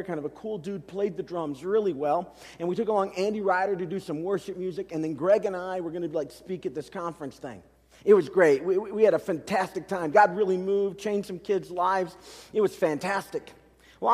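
High-voiced pastor in a reverberant hall. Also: male voice. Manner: animated, self-deprecating storytelling to a congregation. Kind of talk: storytelling sermon.

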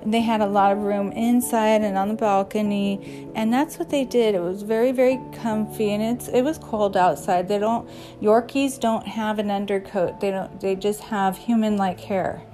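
A woman's voice: medium pitch, fairly even intonation, normal speed, over music. A woman hosting an episode, telling rambling stories in a chatty, casual way and chuckling now and then. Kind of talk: casual storytelling.

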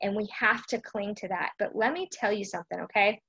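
Chatty woman with vocal fry. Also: mid-range voice, a little fast, pushed and bright, muffled recording. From Texas. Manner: conversational, often checks in with the listener. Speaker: host of a faith chat. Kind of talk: casual devotional live stream chat.

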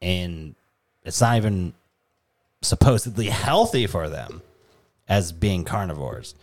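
A deep, low-pitched man with a New England accent holds forth on a casual podcast. He swears freely and slides into animated, joking rants, with his voice sitting well below most men's. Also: slow pace. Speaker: podcast co-host.

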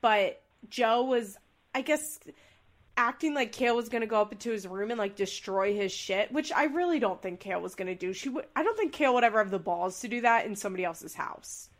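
A woman's voice: on the high side, expressive, fairly quick. A young woman co-hosting a podcast, chatting casually and acting out quoted lines with big voices. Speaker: podcast co-host. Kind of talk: casual chat recapping a reality show.

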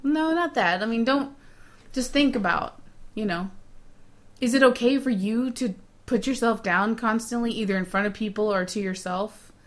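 A woman co-hosting a podcast, chatting casually and giving advice, animated and quick to laugh. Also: on the high side. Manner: chatty, laughs often, animated when making a point. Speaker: podcast co-host.

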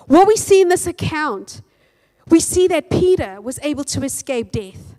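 A woman pastor preaching a sermon, reading scripture aloud and acting out quotes with lively delivery. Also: sits high, moderate pace.

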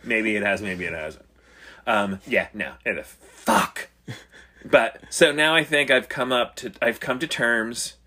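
A man's voice: mid-range voice, slow, bright, forceful tone. A middle-aged man telling stories in casual banter, swearing constantly and acting out his own reactions.

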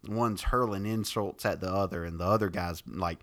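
A man's voice: sits low, steady tone, moderate pace, fairly bright tone. A man co-hosting a podcast, retelling a Bible story casually, rambling and laughing often. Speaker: podcast co-host.

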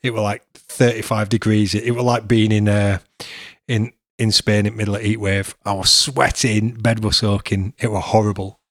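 A man's voice: lowish voice, level tone, moderate pace, no echo, studio quality. A middle-aged man, hosting a podcast and chatting casually with his son, laughing often. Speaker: podcast host.

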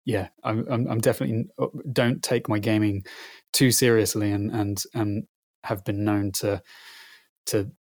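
A man's voice: lowish voice, level tone, normal speed, a little mellow, no echo, clean studio sound. A man in his thirties, a podcast guest chatting casually, often stalling and repeating words while he gathers his thoughts. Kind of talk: casual conversation.

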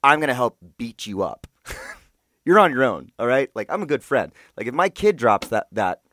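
A man co-hosting a podcast in casual chat, joking through lively banter. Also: mid-range voice, moderate pace. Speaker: podcast co-host.

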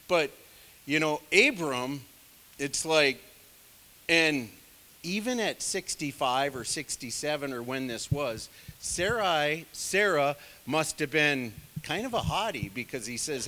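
Man, casual sermon, digressive storyteller, self-deprecating, higher-pitched, forceful tone. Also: expressive, slow pace, long reverb tail. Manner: many fillers, conversational asides. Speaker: bible study leader.

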